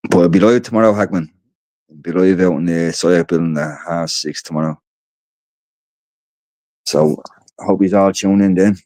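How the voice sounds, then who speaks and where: A weary Irish host rambles through stories on a livestream indoors at home, swearing freely and repeating himself. His low, warm voice keeps fairly even intonation at normal speed with long pauses, and there's no room sound.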